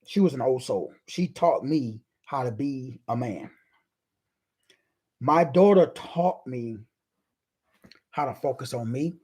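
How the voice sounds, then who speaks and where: A man hosting a live stream, giving a preachy motivational talk in casual, slangy speech with drawn-out, emphatic phrasing. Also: expressive, breathy edge. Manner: preachy, drawn-out emphatic phrasing with big swings in pitch and loudness.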